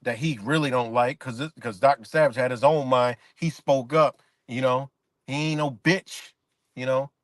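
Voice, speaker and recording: A man's voice: mid-range voice, fairly even intonation, moderate pace, no room sound. A man streaming live, delivering a rambling, profanity-laced rant in casual talk while reacting to chat comments.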